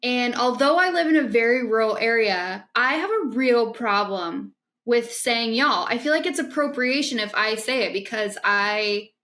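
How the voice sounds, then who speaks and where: A woman's voice: a little high, animated, moderate pace, fairly bright tone. A woman in her thirties, from Illinois, co-hosting a casual podcast chat, chatty and self-mocking. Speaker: podcast co-host.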